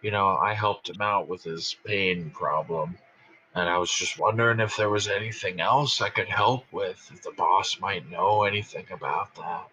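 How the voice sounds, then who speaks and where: A man playing a tabletop role-playing game, talking in a relaxed way. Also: low voice, moderate pace, slight background noise. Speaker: player. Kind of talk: tabletop role-play, casual. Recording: dull lo-fi online audio.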